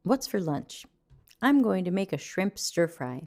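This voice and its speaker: A woman's voice: on the low side, sing-song, a little slow, darkish tone. A middle-aged woman hosting a casual livestream Q&A, chatting loosely and reading viewer comments aloud. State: yawning, still waking up. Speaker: livestream host.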